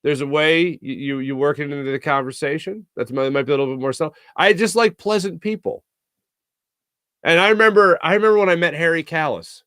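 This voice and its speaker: A man's voice: on the high side, fairly quick, a bit bright, clean tone, no echo, clean studio sound. A man hosting a sports talk show, telling stories in a chatty, self-mocking way. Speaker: podcast host. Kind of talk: casual monologue.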